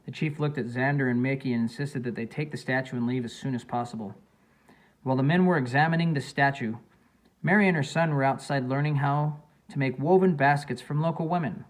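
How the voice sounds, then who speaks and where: A man's voice: medium pitch, a little fast, low-quality recording. Man reading an audiobook aloud. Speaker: audiobook narrator. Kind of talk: audiobook narration.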